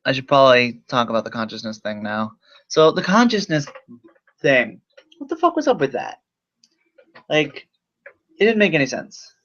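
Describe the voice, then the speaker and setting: A man's voice: medium pitch, sing-song, normal speed, pauses often, fairly bright tone. A young man casually reviewing a movie, rambling with lots of fillers and swearing. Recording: slightly dull lo-fi mic.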